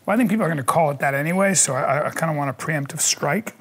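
Middle-aged man, higher register, gravelly. Deadpan, mock-boastful comic banter. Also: rapid-fire. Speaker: comedian co-host. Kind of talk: casual joking banter.

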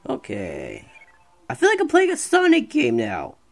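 High, lively, gravelly let's-play talker. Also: measured pace, soft background music. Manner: excitable, rambling, talks back to the game. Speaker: gameplay streamer. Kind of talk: casual let's-play commentary.

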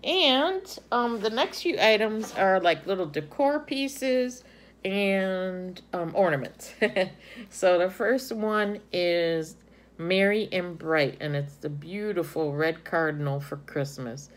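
A middle-aged woman shows off her finds in a relaxed, chatty way. Her voice sits a little low, and she gushes over each item, filling pauses with ums. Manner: chatty, gushing, many ums. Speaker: haul vlogger. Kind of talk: casual show-and-tell chat.

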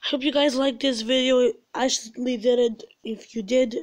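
A woman's voice: on the high side, steady tone, moderate pace. A young woman hosting a gaming channel, ranting in frustration during casual game commentary.

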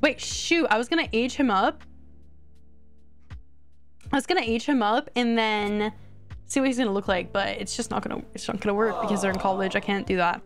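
A woman streaming a life-simulation game, chatting excitably with her viewers in casual live commentary. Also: medium pitch, brisk, pauses often, faint music behind.

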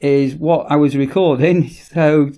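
A man giving a casual, chatty product demonstration in a workshop, often repeating "as I say" and pausing on ums. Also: a little high, steady tone, mellow. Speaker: product reviewer.

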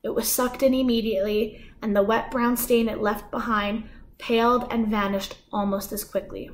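A woman guest host reading a children's novel aloud in a calm, measured way. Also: medium pitch. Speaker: guest storyteller. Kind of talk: storybook read-aloud.

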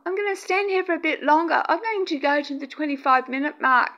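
Very high-voiced excited woman ghost-hunting. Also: brisk, hardly any pauses. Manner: breathless excited exclamations; talks softly to spirits, pleading. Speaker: paranormal video maker. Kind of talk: excited paranormal vlog narration.

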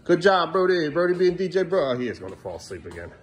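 A man's voice: on the high side, big pitch swings, quick pace, background noise. A man, a father, talking casually to his kids at home in a vlog and scolding them firmly and repetitively. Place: family home, indoors.

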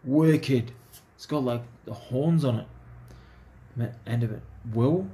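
Opening trading card packs, a man keeps up relaxed, chatty commentary addressed to himself. He takes it slowly, his medium-pitched voice carrying a warm tone.

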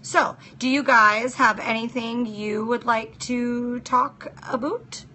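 Bright voiced lady hosting a chatty nail live stream, practical, talks to viewers by name. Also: fairly high pitch, flat delivery, takes it slowly, slight background noise. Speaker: nail technician and show host. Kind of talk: casual live-stream chat answering viewers.

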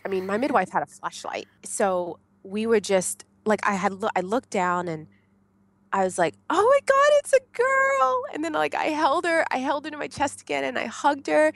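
An American woman tells her story in casual, lively conversation at a mid-range pitch. She laughs often and acts out her own past shouts. Her voice sounds close and dry, with no room echo. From United States. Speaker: podcast guest telling her birth story.

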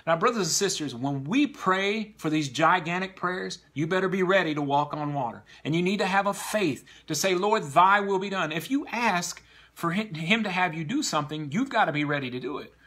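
Guy preaching a sermon to a church crowd, kinda high voice, swings up and down a lot. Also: expressive, fairly quick, fairly bright tone, breathy edge. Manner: earnest exhortation addressed to the congregation.

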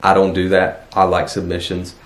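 A young man with a drawl talks in a very low, deep voice, earnest and encouraging, often repeating himself for emphasis. The sound is roomy and echoey, as if he is filming in a bare room. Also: monotone, moderate pace. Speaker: jiu-jitsu student giving advice. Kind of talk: casual advice vlog.

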